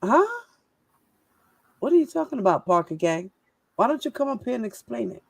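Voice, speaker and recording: A woman's voice: a little high, big pitch swings, moderate pace, vocal fry, slightly rough, no room sound. A fired-up woman speaks straight into a dry, close mic. She rants in casual street talk, swears freely and keeps throwing out rhetorical questions. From New York. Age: 40s. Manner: fiery, profane, firing rhetorical questions. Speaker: host. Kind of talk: heated casual live-stream rant.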